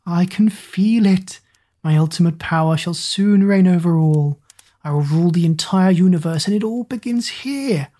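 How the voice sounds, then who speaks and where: A woman's voice: fairly low pitch, moderate pace, warm tone, close to an everyday voice. Woman putting on a gloating Witch Queen. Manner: mocking, gloating. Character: cruel scheming female Witch Queen villain.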